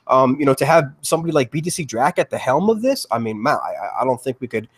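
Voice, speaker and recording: A man's voice: medium pitch, big pitch swings, fast talker, slightly rough. A man talking eagerly on a live panel show, with frequent restarts and repeated words. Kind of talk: casual crypto panel talk.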